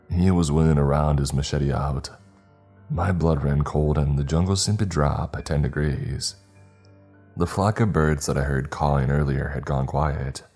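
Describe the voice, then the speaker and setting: A man narrating a scripted first-person horror story in a measured, deliberate way. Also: very deep voice, darkish tone.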